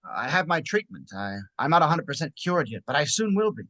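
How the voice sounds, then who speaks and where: A man's voice: fairly high pitch, very animated, a little fast, sharp tone, no room sound. A man playing a scarred man holding back rage. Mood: pleading. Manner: strained, clipped speech. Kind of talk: amateur script read-through.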